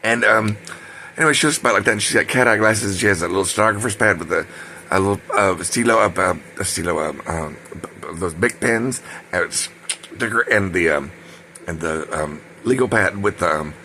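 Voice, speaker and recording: An older man tells a rambling story from his own life. His voice sits low and gravelly, with a bright, forward edge. He drifts into side tracks and corrects himself as he goes. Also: a little fast, slight background noise. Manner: digressive, full of ums and self-corrections.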